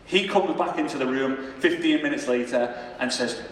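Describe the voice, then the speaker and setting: A young man telling a story on stage as a motivational speaker, acting out voices from his past with lively energy. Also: medium pitch, moderate pace, a little hiss or hum. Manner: animated storyteller, acts out voices in quotes. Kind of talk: storytelling keynote speech on stage. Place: large congress hall on stage. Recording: echoey hall mic from far off.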